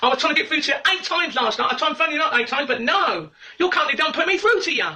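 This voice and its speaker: A man's voice: very high voice, animated, quick pace, sharp tone. A British man rambling into his camera, full of fillers and "and all that". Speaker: video subject. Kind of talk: rambling home-video monologue.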